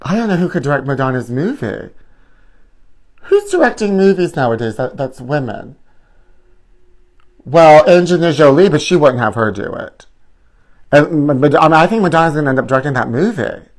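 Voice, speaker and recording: Male host, campy and sassy, rambling asides to the chat, slightly high voice. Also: sing-song, normal speed, pauses often. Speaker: live stream host. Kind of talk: campy live stream chat.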